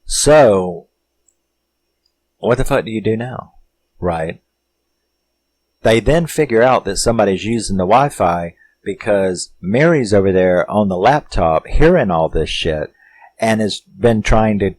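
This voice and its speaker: Slow, low-voiced man rambling about movies. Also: lively intonation, darkish tone, no room sound, poor audio. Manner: rambling, profane, chuckling, lots of filler words. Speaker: horror film reviewer. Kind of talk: casual film review monologue.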